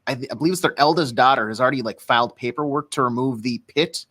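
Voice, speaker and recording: A man's voice: medium pitch, quick pace, fairly bright tone. A man co-hosting a radio talk show, raising a topic tentatively and asking questions. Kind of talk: casual radio show chat.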